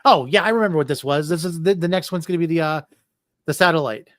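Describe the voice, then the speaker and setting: A man's voice: on the high side, fast, a bit bright, no echo, studio quality. A man in his thirties hosting a casual fan podcast, rambling with many restarts and fillers. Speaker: podcast host. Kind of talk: casual chat.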